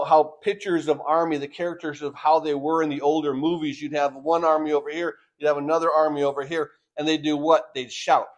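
This preacher's voice sits on the high side. His sermon alternates forceful, loud statements with quiet, drawn-out phrasing, and he repeats words frequently to build his argument.

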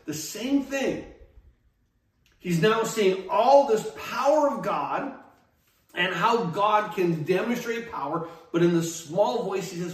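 A man with a fairly high voice preaches a sermon and acts out the people in the scripture with dramatic flair. He stands some way back from the mic, and the room rings with echo. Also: expressive, measured pace, recorded from a distance. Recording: echoey room, speaker away from mic.

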